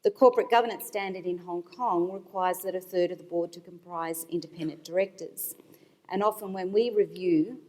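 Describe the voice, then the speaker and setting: A woman panelist speaking as an institutional investor, explaining her points in a measured way with some fillers, at a conference. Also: lowish voice, darkish tone. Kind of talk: panel discussion remarks. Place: conference hall. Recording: long hall reverb. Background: hall reverb.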